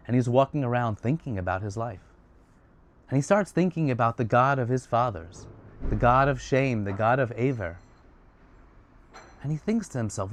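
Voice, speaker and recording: A man retelling a religious story in a casual, chatty way, swinging between excited and hushed. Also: lowish voice, a little hiss or hum. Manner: animated, swings from loud excited to hushed soft; chatty asides.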